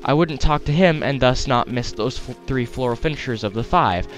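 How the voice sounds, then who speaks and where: Male let's play host, Wisconsin accent, mid-pitched, casual playful commentary on a headset mic with soft game music underneath. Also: moderate pace. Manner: chatty, playful, self-correcting, talks to the game characters. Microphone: desktop headset mic. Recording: faint game music behind.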